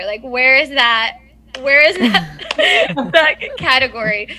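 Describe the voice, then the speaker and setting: A woman in her thirties with a Southern accent, chatting as a blogger guest on a podcast, animated and quick to laugh. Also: high-pitched, crowd noise. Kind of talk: casual podcast chat.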